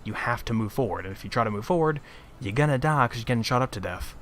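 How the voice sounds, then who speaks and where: A man's voice: medium pitch, expressive, fast, slight background noise. A man chatting casually on a gaming podcast, blunt and opinionated, laughing at his own points. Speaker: podcast co-host. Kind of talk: casual chat.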